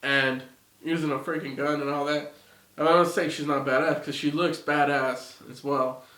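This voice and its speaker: A man's voice: fairly high pitch, fairly even intonation, normal speed, pushed and bright. A man giving a casual, rambling opinion rant, swearing often and sounding exasperated. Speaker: video reviewer. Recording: roomy echo, off-mic.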